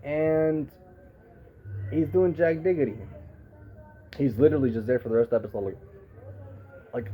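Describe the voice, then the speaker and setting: Excitable, foul-mouthed man reviewing anime. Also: fairly high pitch, moderate pace, pauses often, narrow, tinny audio, slight background noise. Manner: profane, rambling, excitable. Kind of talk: casual review rant.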